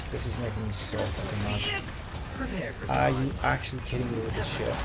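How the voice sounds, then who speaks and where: A man's voice: medium pitch, vocal fry. A man streaming a game live, ranting furiously and swearing about a boss fight. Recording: game music playing behind.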